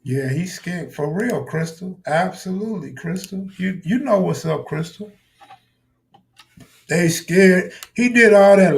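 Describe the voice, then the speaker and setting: A man whose voice is on the high side offers casual live stream commentary at a measured pace, blunt and profane, talking back to chat viewers.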